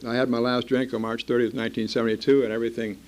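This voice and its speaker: A man's voice: medium pitch, flat delivery, racing, darkish tone, a little hiss or hum. An older man from Iowa telling his own story to a meeting in a blunt, wry, self-mocking way. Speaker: speaker at a recovery meeting. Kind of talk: personal storytelling talk.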